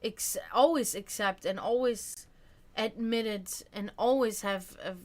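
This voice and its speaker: A woman's voice: mid-range voice, takes it slowly. A woman hosting a casual livestream, chatting loosely with her viewers, full of fillers and restarts. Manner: chatty, answers chat comments, many fillers and restarts. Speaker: livestream host.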